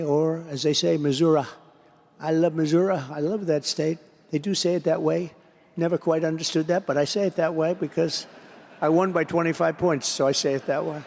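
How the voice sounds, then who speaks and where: A man's voice: fairly high pitch, creaky, a little mellow. A man giving a rally-style political speech to an association, rambling and repeating himself, on a podium microphone in a large convention hall. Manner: rambling, repetitive, digressive. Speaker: political speaker addressing an association. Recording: long reverb of a large hall.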